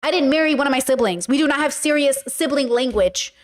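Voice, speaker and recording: A woman with a high voice talks straight to her viewers in a loose podcast monologue. She speaks frankly, swears casually and fills her sentences with "like". She slips into quoted lines as she makes her points. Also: animated, fast talker. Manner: chatty, frank, many fillers, acts out quoted speech. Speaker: podcast host.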